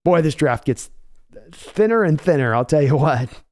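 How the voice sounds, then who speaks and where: Male host, fairly high-pitched and mellow, casual stream talk, reads chat and riffs in a folksy, drawn-out way. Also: expressive. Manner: conversational, reads viewer comments aloud and answers them. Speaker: podcast host reading chat.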